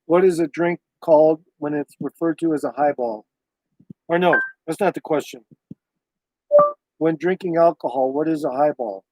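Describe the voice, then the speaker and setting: Man, livestreamer, high voice, rambling and profane, dry close sound. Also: moderate pace, dark tone, no echo. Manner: loose, profane, meandering talk. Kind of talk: casual rambling livestream chat.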